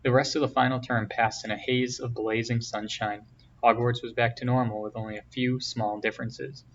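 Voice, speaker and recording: A man reading a novel aloud in a steady, plain storytelling voice. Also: medium pitch, normal speed. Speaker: reader. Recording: distant, dull, faint hiss.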